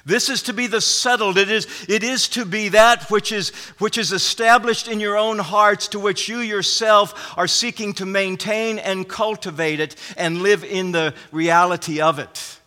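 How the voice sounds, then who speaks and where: A man's voice: sits high, fairly even intonation, normal speed, hardly any pauses, bright, forceful tone. A man preaching a sermon as pastor, earnest and emphatic, often restarting his phrases. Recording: long hall reverb.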